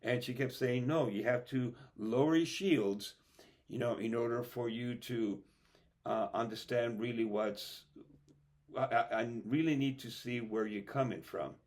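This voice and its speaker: A man's voice: mid-range voice, unhurried, a little mellow. A man hosting a podcast conversation, asking reflective questions in an earnest, conversational way. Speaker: podcast host.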